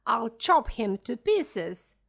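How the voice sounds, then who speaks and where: Woman voicing a short, mean pot-bellied farmer, yelling, high lively voice. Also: slow, vocal fry, exaggerated voice. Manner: yelling threats.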